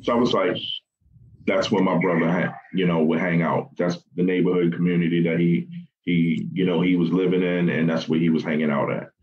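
A very low-voiced man with a Baltimore accent tells his story in a halting, conversational way, full of fillers and restarts. He often slips into quoting the people he spoke with. The podcast audio sounds a little dull. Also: fairly even intonation. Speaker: guest recounting family loss. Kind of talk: personal storytelling in a podcast interview.

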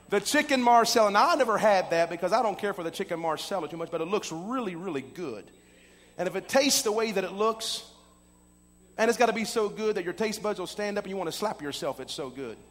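A man with a very high, bright voice tells a story from the pulpit. His sermon rises to shouts, and he peppers it with "uh." The long reverb of a church sanctuary trails after every phrase. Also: fairly quick. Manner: animated storyteller who builds to shouting, with many "uh" fillers. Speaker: pastor.

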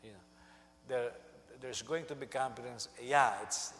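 A male senior pastor preaching a sermon, animated and storytelling, who jumps into high voices to act out quotes. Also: unhurried, big-room sound, slight background noise.

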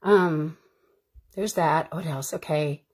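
A woman's voice: sits low, takes it slowly, a little mellow, husky. A woman who is an actor, chatting casually on her live stream in a rambling, heartfelt way. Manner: rambling, heartfelt and chatty, with frequent fillers and bursts of laughter.

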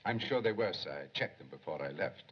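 A dutiful household servant, answering questions carefully and politely. His voice is low and a little husky. It sounds dull and lo-fi, like an old movie. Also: expressive, fairly quick, a bit bright, heavily acted. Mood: deferential. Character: anxious, deferential male household servant. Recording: dull lo-fi 1930s film soundtrack.

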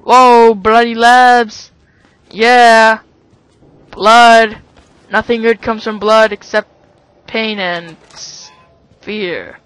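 A man with a very high, bright voice plays through a horror game, narrating at an unhurried pace. He cracks jokey asides and breaks into panicky yelps when scared. Faint game music plays behind him. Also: little pitch movement, smooth, no echo. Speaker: gaming commentator. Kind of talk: let's play commentary.

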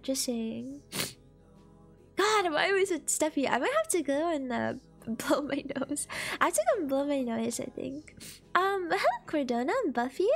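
High-pitched congested woman streamer. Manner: playful, giggly, teasing the chat. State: stuffy, congested nose. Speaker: live streamer. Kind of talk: casual live-stream chat. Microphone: desk microphone.

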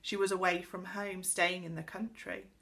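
A woman teacher reading a children's book aloud to pupils in an expressive storytelling voice. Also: on the low side, moderate pace, gravelly. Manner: speaks directly to pupils.

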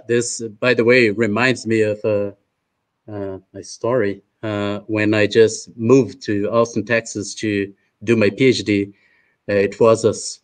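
A man from Brazil with a Brazilian Portuguese accent, moderating an online roundtable and introducing the panelists in a hesitant, chatty way full of filler uhs, over a video call. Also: on the low side.

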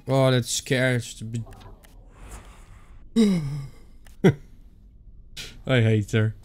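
A man's voice: mid-range voice, darkish tone, clear, resonant tone. Playful Dutch-accented man muttering gameplay. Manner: playful, muttering to himself, self-mocking. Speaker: gaming YouTuber. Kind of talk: horror game playthrough commentary.

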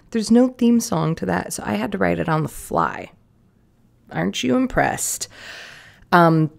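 A young woman, a little hoarse, chatting casually and playfully with jokey asides while she draws. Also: low-pitched, darkish tone. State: slightly hoarse. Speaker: art vlogger. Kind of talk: casual commentary while drawing.

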